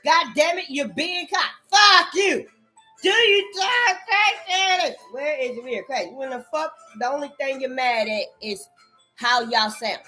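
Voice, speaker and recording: A woman with a high, bright voice runs through an erratic rant, swearing over and over. She jumps from sharp shouts down to muttering. Faint music plays behind her. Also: normal speed. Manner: erratic, repetitive, swearing constantly, swinging between shouts and mutters. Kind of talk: profane stream-of-consciousness rant.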